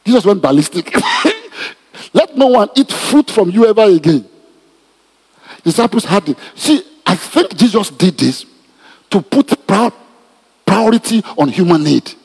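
A man preaching a sermon as a pastor, animated, often laughing and repeating himself. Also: high voice, moderate pace, husky. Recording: reverberant hall.

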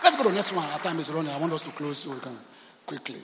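High-voiced preacher in a reverberant hall. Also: male voice, animated, racing, a crowd in the background, noisy background. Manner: storytelling, acts out quoted voices, swings from soft to shouting. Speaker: pastor. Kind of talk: sermon.

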